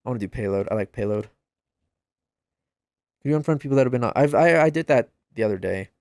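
A man casually commenting on a game livestream and reading chat aloud, joking at his own expense and yelping out loud during play. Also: quick pace, no room sound. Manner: excitable, bursts into high yelps during play; self-deprecating, joking. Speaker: gaming livestreamer.

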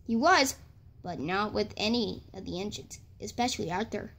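A woman narrating an amateur toy-train story, halting and restarting her words. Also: medium pitch, lively intonation, creaky, a bit bright, slight background noise.

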